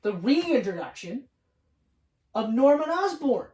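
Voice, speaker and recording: An animated man co-hosting a casual film review podcast, cursing often and slipping into quoted voices as he retells scenes. He sits well back from the microphone, and the room around him rings with echo. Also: extremely high pitch, takes it slowly. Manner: excited, profane, acts out scenes in quoted voices. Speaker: podcast co-host. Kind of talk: casual movie review chat. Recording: roomy room, far from mic.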